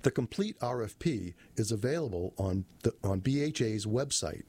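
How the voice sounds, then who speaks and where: Husky low-voiced man reading news. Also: moderate pace. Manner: plain steady reading, lifts his voice for quotes, corrects own slips. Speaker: reader of a city press release. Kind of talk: reading a news release aloud.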